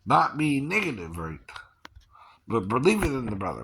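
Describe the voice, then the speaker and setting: A man's voice: mid-range voice, sing-song, normal speed, vocal fry, sharp tone, a little hiss or hum. A man from Georgia talking in a rambling casual monologue, chuckling often and tagging "right, right" onto his points.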